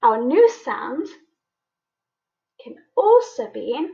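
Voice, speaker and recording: A woman's voice: high voice, very animated, mellow, muffled recording. A woman teacher giving a children's phonics lesson, coaxing young learners to repeat sounds with her. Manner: slow, sing-song, coaxing children to repeat. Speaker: primary school teacher.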